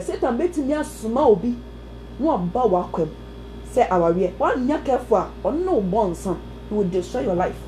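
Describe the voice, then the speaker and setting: A woman preaching an animated sermon, telling a testimony with sudden exclamations and snatches of song. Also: mid-range voice, a little hiss or hum, poor audio. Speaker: prophetess preacher. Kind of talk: sermon testimony mixing Twi and English.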